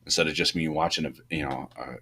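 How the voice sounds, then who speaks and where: This podcast co-host, a firefighter and fire truck company boss, has a very low voice and talks at a quick pace. In casual firefighting shop talk he rambles, restarts often and gives animated critique, his pitch climbing as he gets worked up.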